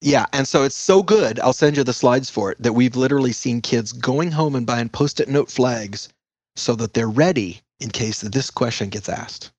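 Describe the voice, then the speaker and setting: Middle-aged guy guesting on an education podcast, fast chatty and jokey, dead dry sound. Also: medium pitch, no room sound. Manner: energetic, chatty, jokey asides. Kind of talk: podcast interview.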